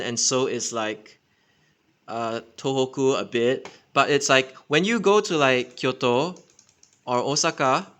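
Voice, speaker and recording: A Singaporean man talks off the cuff in a bright, forward voice. He rambles and restarts and keeps correcting himself. His pitch sits in a middle range. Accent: Singaporean English. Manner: rambling, filler-heavy, self-correcting. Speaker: transit enthusiast channel host. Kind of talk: unscripted casual explainer.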